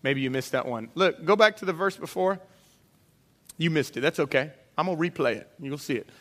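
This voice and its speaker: A man preaching a sermon in a lively way, acting out voices of the people in the story as he goes. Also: on the high side, a little fast. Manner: animated, acts out voices of disciples and Jesus. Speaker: pastor. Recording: long hall reverb.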